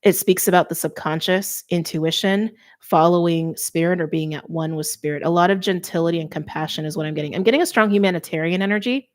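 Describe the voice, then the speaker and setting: A woman doing an intuitive tarot card reading, speaking softly and earnestly and letting her emotions show. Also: on the low side, quick pace, hardly any pauses. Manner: soft, earnest, openly emotional. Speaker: tarot reader.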